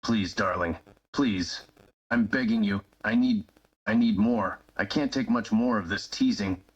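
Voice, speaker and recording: Romance role-play read: man as a reserved young lover, low-pitched, husky, breathless and pleading. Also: unhurried. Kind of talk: first-person romance role-play reading. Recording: dull lo-fi sound.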